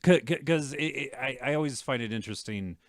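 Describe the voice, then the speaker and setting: A man co-hosting a movie review show in casual chat, animated, with quick asides and halting restarts. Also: mid-range voice, dry recording, clean studio sound.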